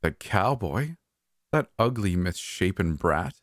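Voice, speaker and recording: A man voicing an elderly female Hollywood diva with a high-pitched, hoarse voice, sweet and dramatic in a storytelling podcast. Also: big pitch swings, takes it slowly, dry recording, clean studio sound, exaggerated voice. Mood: theatrical. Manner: dramatic, sighing, sweetly condescending.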